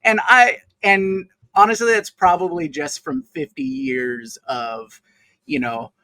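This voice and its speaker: A man's voice: a little high, fairly even intonation, takes it slowly, sharp tone, poor audio. Man musing aloud on a podcast. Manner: thinks aloud with many fillers and restarts. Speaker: co-host. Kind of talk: casual chat.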